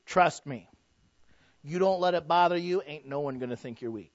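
A man's voice: on the high side, moderate pace, dry recording. A man preaching a sermon in a folksy, conversational way, full of rhetorical questions. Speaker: pastor. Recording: dull, dry sound.

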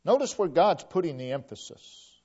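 A man preaching a sermon with slow, deliberate emphasis, his voice sinking to a hush at the end of phrases. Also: a little high, big pitch swings, slightly rough, muffled recording.

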